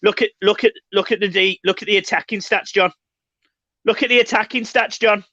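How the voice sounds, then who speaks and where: A man's voice: high-pitched, fairly even intonation, a little fast, sharp tone, no room sound. A man co-hosting a fan channel, agitated and swearing, stumbling over words in a football reaction chat. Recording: dry, dull lo-fi sound.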